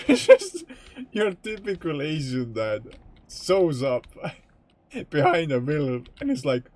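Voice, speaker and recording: A man streaming a game and chatting casually, slightly high-voiced and slow-paced. His pitch moves around a lot, and he keeps dissolving into giggles. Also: huge pitch swings, darkish tone, dry recording. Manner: giggly, keeps breaking into laughter.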